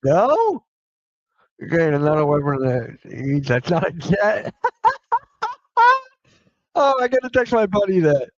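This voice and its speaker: A young man hosting a casual live sports chat show, swearing freely and reacting loudly to news. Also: a little high, big pitch swings, takes it slowly, long pauses, dry recording, muffled recording.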